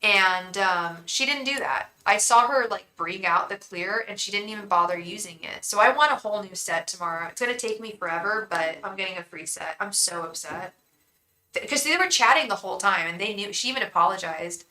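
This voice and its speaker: Woman tarot reader rambling on a livestream, bright sharp voice, chatting with viewers. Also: mid-range voice, fairly quick, low-quality recording. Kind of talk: casual livestream chat.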